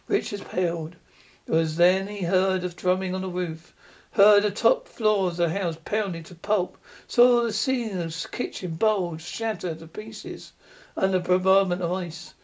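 High-voiced male storyteller. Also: a little slow, darkish tone. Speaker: narrator. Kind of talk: storytelling narration.

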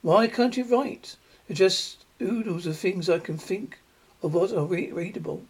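A man's voice: high-pitched, measured pace, husky, full character voice. A man voicing a prim, fussy wife who scolds her husband, reading aloud with small stumbles and restarts in a storybook reading.

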